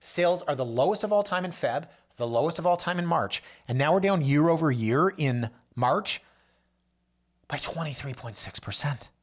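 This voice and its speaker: A Canadian realtor hosting a real estate show tells client stories in a casual monologue at a moderate pace. His intonation is lively, and he acts out the people he quotes with big pitch jumps.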